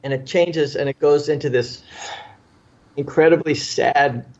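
A man's voice: a little high, steady tone, a little slow, a little mellow, muffled recording. A man who is a former police officer, telling a personal story in an interview with earnest, vivid delivery. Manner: earnest, vivid storytelling that acts out what people said.

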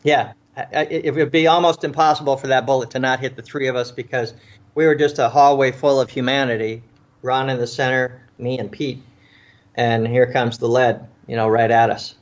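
A man's voice: medium pitch, level tone, moderate pace, muffled recording. A man, a police officer and author, recounting a tense story in an interview, with frequent restarts and repeated words. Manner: vivid storyteller, acts out quoted voices.

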